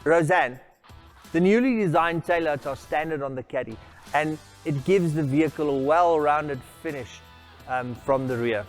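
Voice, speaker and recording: A man's voice: a little high, moderate pace. Male product presenter, formal and salesy, light background music. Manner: formal, salesy, addresses people by name. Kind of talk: scripted product walkaround.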